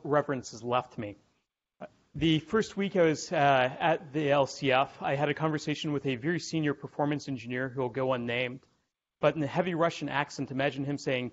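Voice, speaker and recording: A man giving a technical conference lecture to a room of listeners, with wry, irreverent asides and frequent ums. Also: fairly high pitch. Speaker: conference presenter. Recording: dull lo-fi conference recording.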